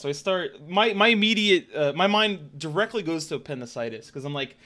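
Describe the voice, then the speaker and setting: A man streaming and telling a story to his chat in a casual, animated and profane way. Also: fairly high pitch, brisk, few pauses. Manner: animated, profane, emphatic retelling.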